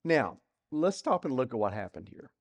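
Working through a Bible passage, this male preacher speaks at normal speed with a medium, sing-song voice. He asks rhetorical questions and moves between loud and quiet delivery.

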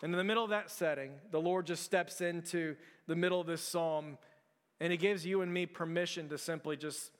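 A man's voice: a little high, steady tone, fairly quick, smooth. A man preaching a sermon to his church in a conversational way, with fillers and restarts. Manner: conversational, repeats words, frequent fillers and restarts. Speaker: pastor. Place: large church hall. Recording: long hall reverb.

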